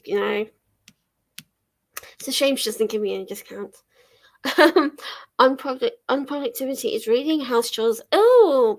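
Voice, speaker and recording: A young woman chatting casually on a livestream from her living room, laughing often and swearing lightly as she answers viewers. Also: a little high. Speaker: livestream host. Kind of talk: casual chat while reading chat aloud.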